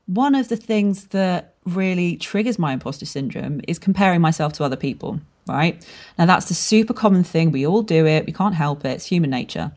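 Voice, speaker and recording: A woman with a slightly low voice hosts a solo podcast about running a business. She talks frankly and casually, dropping swear words as she goes. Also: lively intonation, fairly quick, a little mellow. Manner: candid, swears freely, storytelling with laughs. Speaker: podcast host and brand strategist.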